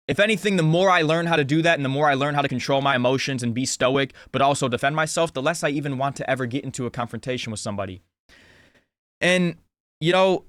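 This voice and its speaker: A man's voice: medium pitch, fairly bright tone, no echo, studio quality. A man in his twenties with an earnest, casual way of talking who gives life advice in a vlog, full of "like" and restarts. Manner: earnest, talks with lots of "like" and restarts. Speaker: vlogger. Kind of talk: casual motivational monologue.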